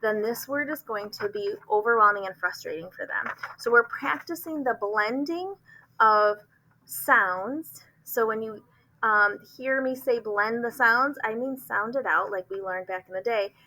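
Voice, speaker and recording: A woman's voice: fairly high pitch, normal speed, sharp tone, poor audio. A middle-aged woman teacher explaining reading skills to parents in a friendly, step-by-step way, with examples. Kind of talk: informal instructional talk to parents.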